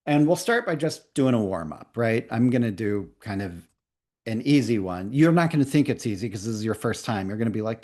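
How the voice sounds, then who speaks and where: A man leading a live online coaching workshop, talking casually and playfully, then reading a definition slowly for note-taking. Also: on the low side, expressive, darkish tone. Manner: conversational, playful, reads slowly for dictation. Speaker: coaching trainer.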